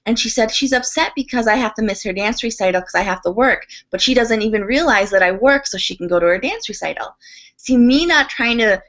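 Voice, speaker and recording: A woman talking as a guest in a podcast interview, telling a story in a chatty, animated way with quick asides. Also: on the high side. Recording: dull lo-fi sound.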